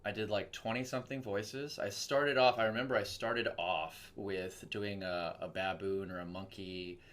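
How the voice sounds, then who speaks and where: This young voice actor from Texas has a voice on the low side and talks at a normal pace. During a casual interview, he tells lively stories and acts out the voices of the characters he quotes.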